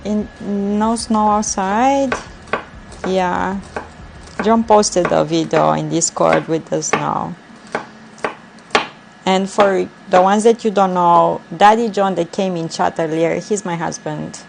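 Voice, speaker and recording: Lady cooking dinner live on stream, talks real slow, laughs at chat a lot, mid pitch. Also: vocal fry, darkish tone, a little hiss or hum. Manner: chatty, laughs often while reading chat. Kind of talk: casual cooking livestream chat. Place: home kitchen.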